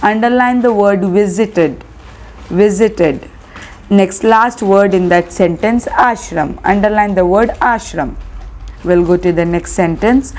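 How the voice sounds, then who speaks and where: Female teacher, Indian English accent, very slow, careful delivery, reads a lesson aloud to young pupils. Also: mid-range voice, a little mellow. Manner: slow, deliberate reading with repeated instructions. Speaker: primary school teacher. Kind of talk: online class reading lesson aloud.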